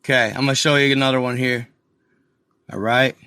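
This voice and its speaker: A man's voice: mid-range voice, steady tone, a little fast, pushed and bright, clean tone, no echo, clean studio sound. A man hosting a casual screen-share video, talking straight to his viewers with restarts and frustrated asides. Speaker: video host.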